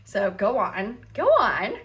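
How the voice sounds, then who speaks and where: A woman's voice: medium pitch, wildly swooping pitch, slow, fairly bright tone. A woman hosting a reaction commentary on internet drama, sarcastic and dramatic as she mimics others. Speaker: commentary host.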